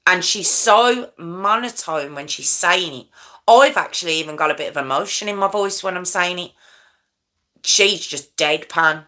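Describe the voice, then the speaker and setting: Woman, middle-aged, true crime host: bright, forceful delivery, chatty and emotive, keeps asking "okay?". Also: fairly low pitch, normal speed. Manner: conversational, checks in with "okay?", shocked and emotive. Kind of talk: true crime commentary monologue.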